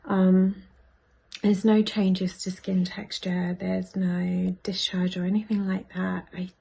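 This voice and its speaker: A woman in her thirties half-whispers worriedly to the camera, confiding in her personal vlog. Her voice is fairly low, husky and gravelly yet warm in tone, slow with little pitch movement.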